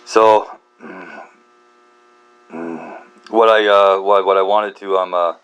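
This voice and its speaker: Casting: man with a very deep voice, rambling casual monologue, stumbling through fillers and restarts, self-mocking, mains hum underneath. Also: fairly even intonation, a bit bright, clean tone, highs cut off. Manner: halting, many fillers and restarts, frequent swearing; self-deprecating, laughs at himself. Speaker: book channel host.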